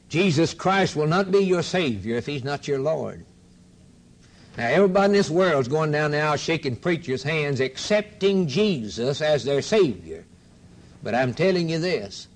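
A man preaching a fervent sermon, rhythmic and repetitive, swinging from loud declarations to hushed quoted scripture. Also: on the high side.

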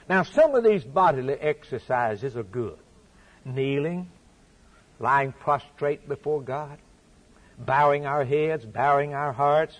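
A man's voice: fairly high pitch, breathy edge. A man preaching a sermon, stressing his points by repeating phrases.

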